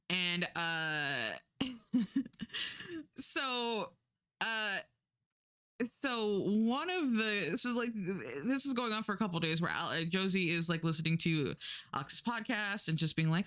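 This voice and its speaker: A woman streamer talks through a book she is reading in loose, casual chat. Her voice sits a bit low but sounds bright and crisp. She rambles through lots of fillers and false starts, and turns blunt and profane when something annoys her. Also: sing-song, unhurried. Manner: rambling, heavy on fillers and restarts.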